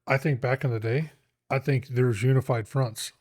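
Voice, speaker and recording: A man's voice: medium pitch, steady tone, moderate pace, a little mellow. A man co-hosting a podcast in casual chat, giving firm, opinionated views on parenting. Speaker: podcast co-host.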